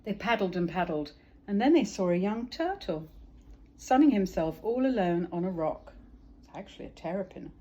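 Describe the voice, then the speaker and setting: A woman, a parent, reading a children's story aloud in a gentle, expressive narrating voice. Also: medium pitch, moderate pace, lo-fi sound.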